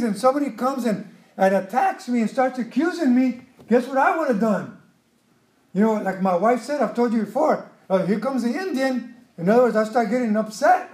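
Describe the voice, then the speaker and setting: A man preaching a sermon, emotional and expressive, acting out quotes with sudden loud outbursts. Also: high voice, roomy sound. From Mexican background.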